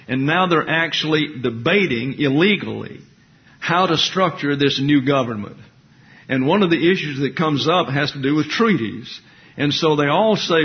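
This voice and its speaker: A man's voice: a little high, highs cut off. Man giving an opinionated history lecture. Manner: conversational asides, opinionated. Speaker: teacher.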